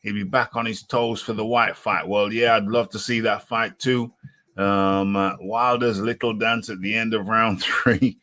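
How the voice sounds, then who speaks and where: A man's voice: lowish voice, fairly even intonation, measured pace, pushed and bright. A man hosting a live show in a casual, teasing way, who repeats himself for emphasis and talks about himself in the third person. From United Kingdom. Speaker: host.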